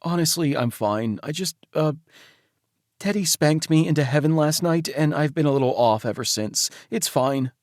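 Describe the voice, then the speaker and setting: A man narrating a romance audiobook in first person, intimate and soft-spoken. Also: fairly high pitch, expressive, normal speed, no room sound, clean studio sound.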